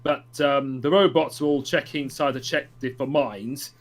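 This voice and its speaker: A man summarizing a comic story in a casual podcast chat, with many ums and pauses. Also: medium pitch, fairly even intonation. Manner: hesitant, many ums and uhs. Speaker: podcast co-host.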